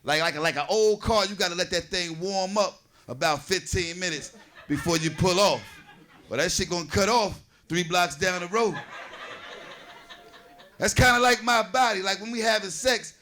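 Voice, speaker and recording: A man's voice: sits high, moderate pace, bright, forceful tone. A man in his forties from New Jersey doing a loose, conversational stand-up set, riffing with the audience on a comedy stage. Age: 40s.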